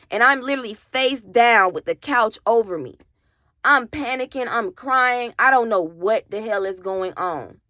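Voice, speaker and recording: A woman's voice: a little high, animated, a little slow, pushed and bright, no echo, studio quality. Emphatic woman telling a storytime to camera. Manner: emphatic, repeats "literally", swears freely; addresses viewers directly. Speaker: vlogger. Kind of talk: casual storytime monologue.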